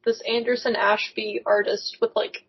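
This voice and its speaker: A young adult woman co-hosting a podcast over a remote call, chatting casually in an excitable, rambling way that often tips into giggles. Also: a little high, moderate pace, slightly rough, muffled recording. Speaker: podcast co-host. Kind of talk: casual chat. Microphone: remote call microphone.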